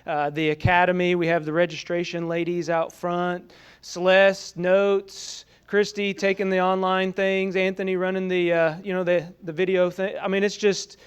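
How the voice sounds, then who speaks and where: A man's voice: high voice, little pitch movement, normal speed, smooth. A man giving a conversational conference presentation to a room of colleagues, often saying "you know" and asking the audience questions. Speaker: presenter at a training summit.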